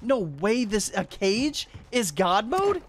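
A man hosting a game video, commentating his play and reacting with quick bursts of loud disbelief. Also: high-pitched, huge pitch swings, a little hiss or hum. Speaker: YouTube gaming host. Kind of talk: gameplay commentary.

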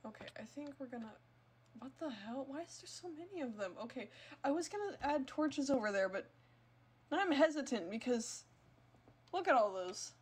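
A woman's voice: sits high, expressive, moderate pace, slight background noise. A woman streaming a video game, chatting casually to her viewers in a rambling way with lots of filler words. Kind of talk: casual gameplay streaming chat.

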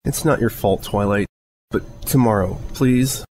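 A man's voice: fairly low pitch, a little slow, darkish tone. A man voicing a tired, tough young female pegasus who speaks bluntly but protectively. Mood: weary, gentle.

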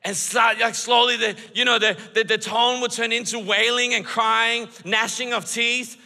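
A middle-aged man preaching a sermon as pastor in a church, animated and by turns joking and earnest. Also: very high-pitched, normal speed, creaky. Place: church auditorium. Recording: long reverb of a large hall.

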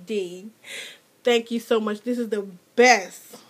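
A mother filming a casual unboxing vlog at home, gushing and excitable, her voice jumping to squeals when she is thrilled. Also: on the high side, slow pace. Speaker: mother and hobby vlogger. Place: home with children nearby.

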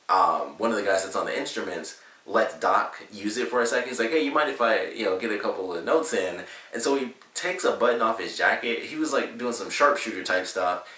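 Casual male reviewer, low voice, rambling recap full of fillers, roomy room. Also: bright, forceful tone. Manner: rambling, filler-heavy retelling with lots of "like". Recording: roomy, slightly distant mic.

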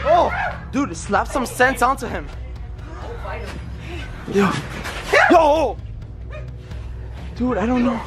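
A man's voice: very high-pitched, lively intonation, very slow, pauses often. A man filming a vlog, talking frantically and repeating words, with music underneath. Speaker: vlogger. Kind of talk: excited casual vlog chatter.

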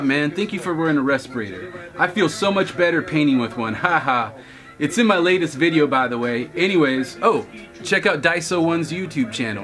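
Man, wisecracking vlog host, animated pitch, laughs at his own jokes, faint music behind. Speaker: vlog host reading viewer comments. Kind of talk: casual chat.

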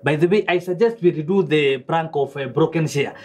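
A man's voice: fairly high pitch, brisk, lightly acted. A man playing a scheming young male student who hedges with constant "eh" fillers. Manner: hesitant, full of "eh" fillers. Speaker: student in a college drama. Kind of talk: TV drama acting.

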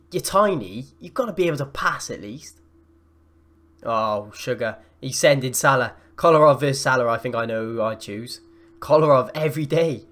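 A young man giving excitable live commentary over his own football video game matches, gasping and shouting at the plays. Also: mid-range voice. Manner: excitable, yells and gasps at plays. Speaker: gaming YouTuber.

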